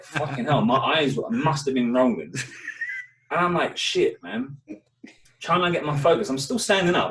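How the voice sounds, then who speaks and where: A man's voice: medium pitch, distant mic. A young man, co-hosting a casual chat show and telling a story with lots of swearing. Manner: swears a lot, animated storytelling. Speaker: podcast co-host. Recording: echoey room, away from the mic.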